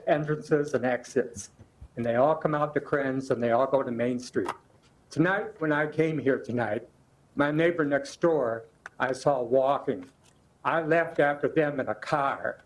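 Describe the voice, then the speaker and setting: An older resident speaks up at a town meeting in a plain, direct way, wandering a bit as he makes his point. His voice is at a middling pitch, with faint room noise behind it. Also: poor audio. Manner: plain-spoken, direct, a little rambling. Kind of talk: public comment.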